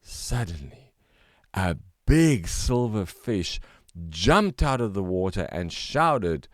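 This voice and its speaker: An older man narrating a children's story in a gentle, expressive read-aloud manner. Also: on the low side, slow, dry recording, studio quality.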